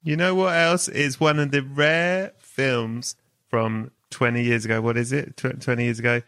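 A man's voice: medium pitch, steady tone, normal speed, fairly bright tone, no room sound. A man hosting a podcast, chatting casually and spinning a long, playful, whimsical tale for his guest. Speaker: podcast host. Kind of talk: casual chat with comic storytelling.

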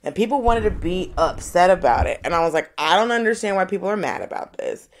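A woman in her thirties co-hosting a casual comedic chat, an animated storyteller who acts out the voices of people in her stories. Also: on the low side, quick pace, a little hiss or hum. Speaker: co-host.

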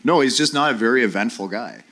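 A man's voice: mid-range voice, quick pace. A middle-aged man, a former hockey player, telling stories on a live podcast stage and acting out his old teammates. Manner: animated storyteller, acts out voices of teammates.

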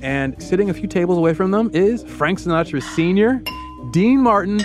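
Animated man telling a story with laughs. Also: high-pitched, normal speed, over music. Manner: animated, laughs often, slips into character voices. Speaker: podcast co-host. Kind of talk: casual comedic storytelling.

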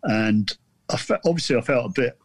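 A guest author from southern England tells a story in casual conversation, rambling and self-deprecating, often stopping and restarting. His medium-pitched voice has lively intonation, and there's no echo.

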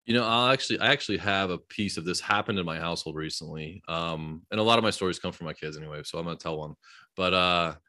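A man with a somewhat low voice talks casually on a podcast. He tells animated stories with plenty of fillers and restarts, in the easy manner of a parent who has spent years around business. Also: fast talker. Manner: animated storyteller, lots of fillers. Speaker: podcast host. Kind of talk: casual conversation.

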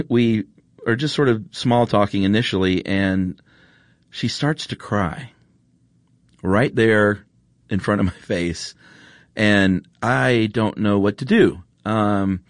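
A man hosting a podcast, telling a story in a relaxed, rambling way with lots of fillers, then chatting casually. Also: fairly low pitch, no echo, studio quality. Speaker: podcast host.

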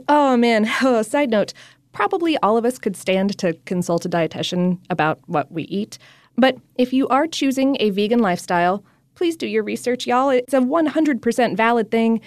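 A woman's voice: mid-range voice, no echo. A woman co-hosting a casual podcast, talking in a chatty, upbeat way. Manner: chatty and upbeat, with frequent fillers and laughs. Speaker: podcast co-host.

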